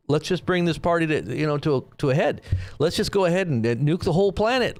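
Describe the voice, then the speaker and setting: A man's voice: a little high, lively intonation, fast talker. A man hosting a live stream, giving rambling, sarcastic commentary on the news. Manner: sarcastic, rambling, with frequent restarts.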